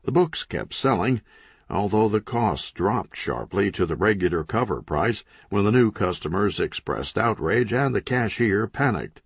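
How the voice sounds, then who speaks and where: A man reading a crime comedy audiobook in scripted narration with an animated, dry comic delivery. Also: fairly low pitch, unhurried, slightly rough, no room sound.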